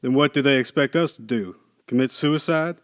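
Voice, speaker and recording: Man reading as a gruff skeptical engineer. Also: mid-range voice, moderate pace, no echo, clean studio sound, lightly acted. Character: weary, skeptical male engineer, dry and gruff.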